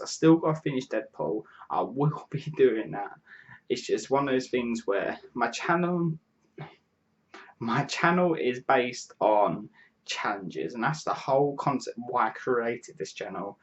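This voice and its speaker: A 22-year-old man, casually answering viewer questions to camera, rambling and restarting his sentences. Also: medium pitch. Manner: rambling, restarts sentences, frequent "you know what I mean". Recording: dull lo-fi mic.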